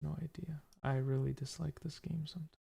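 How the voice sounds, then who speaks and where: A man's voice: on the high side, little pitch movement, a little fast, gravelly, dark tone, breathy edge. A tired, frustrated man commentating his own chess game, thinking aloud and talking to viewers. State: tired from little sleep. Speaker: chess streamer.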